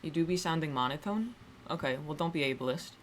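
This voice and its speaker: A woman's voice: deep voice, expressive, a little fast, a little hiss or hum. A woman talking loosely to her stream audience in a casual, self-deprecating way. She drifts mid-sentence, restarts her thoughts, and drops the odd swear word. Her tone stays dry and joking. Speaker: livestreamer. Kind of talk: casual livestream chat.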